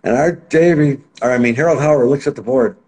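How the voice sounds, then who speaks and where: A man as an interview guest, telling stories in a casual, animated way. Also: mid-range voice, fairly quick. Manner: animated, acts out quotes in other voices. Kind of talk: casual anecdotal storytelling.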